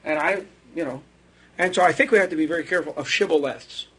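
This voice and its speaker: Husky, rambling older-sounding lecturer man. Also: a little high, fast talker, fairly bright tone. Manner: rambling, digressive, chuckles at his own asides. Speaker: theology lecturer. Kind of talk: unscripted classroom lecture.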